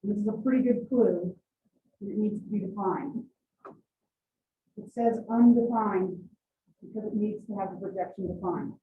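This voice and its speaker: A woman instructor teaching a college class, brisk and teasing as she coaxes answers from her students. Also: medium pitch. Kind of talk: classroom lecture with questions. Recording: distant echoey classroom on tinny mic.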